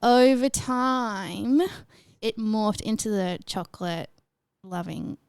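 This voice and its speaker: A woman's voice: medium pitch, slow pace, vocal fry, darkish tone, clean tone, dry recording, studio quality. Hesitant young Australian woman. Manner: hesitant, rambling, giggly. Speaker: podcast co-host. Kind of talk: casual chat.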